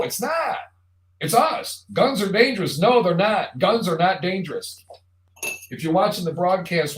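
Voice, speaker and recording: A man hosting a live online show, talking casually in a rambling, jokey monologue straight to the viewer. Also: fairly high pitch. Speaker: show host. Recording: roomy echo.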